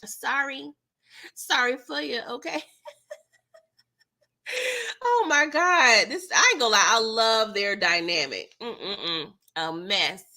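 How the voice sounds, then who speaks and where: A woman with a bright, forceful, fairly high voice chats through a TV recap in loose slang. She jumps into characters' lines as she retells each scene and talks straight to her viewers. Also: lively intonation, takes it slowly, pauses often. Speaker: TV recap host. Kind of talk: casual livestream recap chat.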